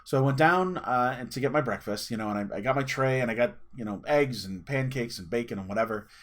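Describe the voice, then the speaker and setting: A man's voice: mid-range voice, quick pace. Man, thirties, casual storyteller, lots of fillers and restarts. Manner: chatty, rambling, with many fillers and restarts. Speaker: channel host.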